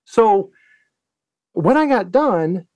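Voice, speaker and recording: A man from the United States tells a story on a podcast, his slightly high voice swinging widely up and down as he acts out his own lines. He swears freely and keeps the tale rolling. The sound is dry and close. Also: extremely slow, no echo. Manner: profane, animated, acts out his own quotes. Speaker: guest, Navy veteran.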